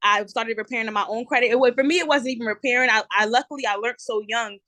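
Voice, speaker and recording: A woman in her twenties with a New Jersey accent, chatting as a podcast guest and telling her story in a lively way. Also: on the high side, fast, no room sound. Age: 20s. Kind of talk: casual interview.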